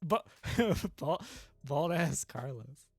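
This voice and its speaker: A woman streaming a game, talking casually and gushing excitedly, with squeals and swearing. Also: deep voice, very slow, slightly rough, no echo, soft background music.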